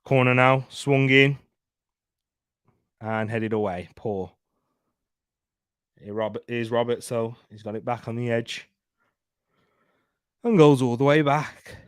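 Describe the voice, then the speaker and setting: A man's voice: medium pitch, fairly even intonation, unhurried, pauses often, a little mellow, no echo, studio quality. A young man hosting a live football watchalong, chatting and laughing through casual match commentary. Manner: chatty, laughs often, banter. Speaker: watchalong host.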